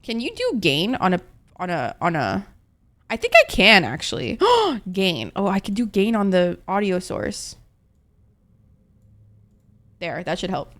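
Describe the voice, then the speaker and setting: A woman's voice: mid-range voice, sing-song, a little slow, pauses often, a bit bright. A young woman from Egypt, a native Arabic speaker, chatting and swearing freely as she streams a game. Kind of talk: casual gameplay commentary.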